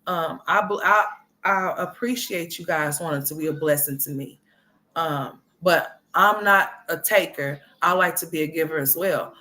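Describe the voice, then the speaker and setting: A woman's voice: deep voice, normal speed, sharp tone. A woman hosting a casual livestream commentary, blunt and profane, scolding her subject and greeting chat viewers by name. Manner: talks to viewers as y'all.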